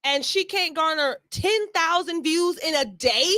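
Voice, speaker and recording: A woman co-hosting a podcast, talking in a blunt, sarcastic, animated way. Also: very high voice, measured pace, dry recording. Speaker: podcast co-host. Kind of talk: casual commentary chat.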